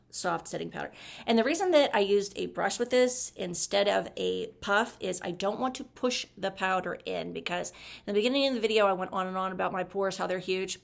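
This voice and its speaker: Lady doing a makeup review vlog, bit of vocal fry, gushy and chatty. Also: fairly low pitch. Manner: chatty, gushing, talks while applying makeup. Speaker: beauty vlogger. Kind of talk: casual makeup review chat.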